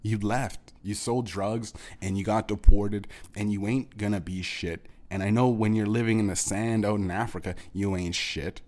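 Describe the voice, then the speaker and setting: A man's voice: fairly low pitch, steady tone, normal speed, few pauses, darkish tone. Furious, cursing man ranting. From Canada. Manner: heated, profane, repetitive, stumbling restarts. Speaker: podcast host. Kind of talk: angry solo rant to an absent parent.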